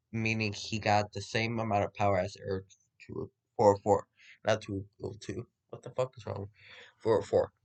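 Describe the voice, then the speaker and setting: A man's voice: medium pitch, fairly bright tone. Rambling young man telling a fan story. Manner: rambling, swears, self-corrects often. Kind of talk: casual improvised fan story narration.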